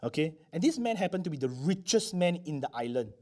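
A man telling a sermon story in an animated way, often checking in with the listeners. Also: fairly high pitch, brisk. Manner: animated, checks in with frequent "okay?". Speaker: preacher.

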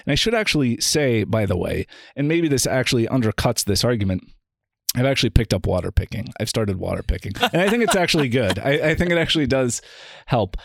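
Speaking fairly quickly in a creaky, mid-range voice, a man appears as a philosophy guest on a podcast interview, recorded dry and at studio quality. He talks casually and animatedly, acting out the quoted dialogue in his anecdotes.

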